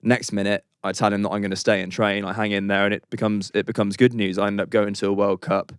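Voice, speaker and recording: A man's voice: on the low side, level tone, fast, clear, resonant tone, no echo, studio quality. An English man in his thirties, a podcast guest who is losing his voice, telling a story in a rambling, chatty way full of "like" and "um". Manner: rambling, chatty, says "like" and "um" often. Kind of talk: casual storytelling.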